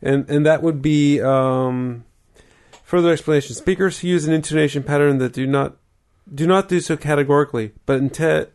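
A man's voice: fairly high pitch, vocal fry, a little mellow. A man in casual podcast chat, reading bits aloud and laughing easily. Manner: reads out facts, laughs easily.

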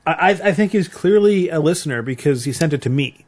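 A man's voice: on the high side, expressive, brisk, a little mellow, breathy edge. A man co-hosting a podcast, explaining earnestly in casual chat and stammering on repeated words. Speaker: podcast co-host.

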